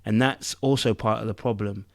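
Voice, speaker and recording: A man's voice: on the low side, steady tone, moderate pace, vocal fry, dry recording, clean studio sound. A man co-hosting a casual review podcast, thinking aloud with rhetorical asides and frequent restarts. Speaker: podcast co-host.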